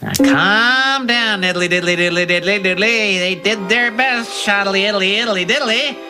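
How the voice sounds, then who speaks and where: A man's voice: high voice, moderate pace, lightly acted. An actor playing an overly polite cartoon neighbor man who fills his lines with sing-song nonsense words while holding back anger. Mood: strained calm. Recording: cartoon clip over music.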